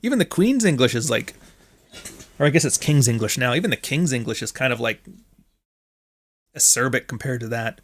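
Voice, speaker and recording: A man's voice: mid-range voice, moderate pace, pauses often. A Canadian man hosting a livestream, talking in a blunt, rambling way and swearing freely. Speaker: stream host. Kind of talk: casual livestream commentary.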